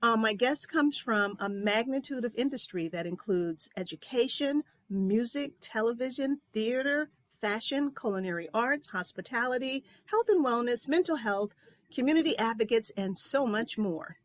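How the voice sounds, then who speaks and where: A woman's voice: fairly high pitch, lively intonation, moderate pace, dry recording. A woman hosting an interview talk show, chatting casually and asking about her guest's life.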